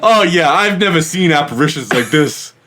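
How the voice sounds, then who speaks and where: A man's voice: fairly high pitch, expressive, moderate pace, noisy background, close to an everyday voice. A man putting on an exaggerated mock New England accent as a brash, chummy local guy. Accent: mock Boston.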